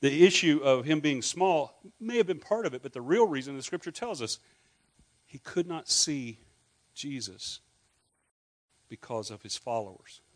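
In a fairly high voice with lively intonation and a measured pace, a middle-aged Scottish man preaches a sermon as pastor. He keeps it conversational, quizzing the congregation and slipping in jokes.

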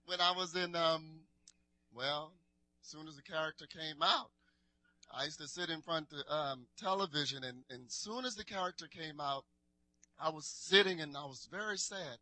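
A man's voice: a little high, moderate pace, bright, forceful tone, no room sound. A man, leading a worship concert, chatting playfully with the crowd and urging them on like a preacher. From New Orleans, USA. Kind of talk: stage banter and exhortation between songs.

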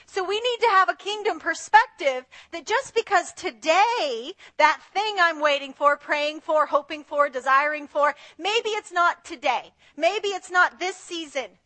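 A woman preacher giving an animated sermon who acts out the voices of the people she quotes. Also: very high voice, unhurried, hardly any pauses.

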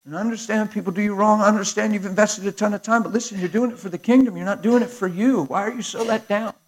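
High-voiced animated preacher man. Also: fast talker. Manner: animated, conversational preaching with acted-out dialogue. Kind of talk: sermon. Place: church sanctuary before a live crowd.

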